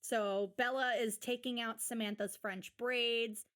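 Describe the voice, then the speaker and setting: A woman's voice: a little high, steady tone, unhurried, a bit bright. Exasperated woman recapping with sarcasm. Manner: sarcastic, exasperated, quotes people in put-on voices. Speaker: podcast co-host. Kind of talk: casual recap chat.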